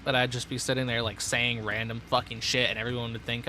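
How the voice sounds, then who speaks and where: A man's voice: medium pitch, little pitch movement, quick pace, bright, forceful tone, a little hiss or hum. A young man streaming a building game, rambling sardonically and talking to himself. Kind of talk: casual gameplay chatter.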